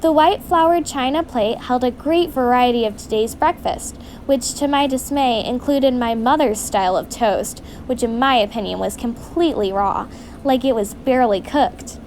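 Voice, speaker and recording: A woman reading her own storybook aloud in an earnest, steady way. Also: on the high side, normal speed, a little hiss or hum.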